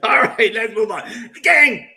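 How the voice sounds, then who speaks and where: A man playing Mister Muscles, a hammy boastful host with a high gravelly voice. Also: measured pace, a crowd in the background. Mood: showy, rambling. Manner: showy, rambling, folksy with y'all. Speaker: segment host. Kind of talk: comic character bit on a livestream chat show.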